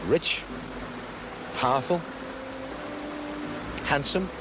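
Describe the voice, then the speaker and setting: A man's voice: fairly high pitch, drawn-out words, background noise. An actor playing a teasing, self-deprecating young man.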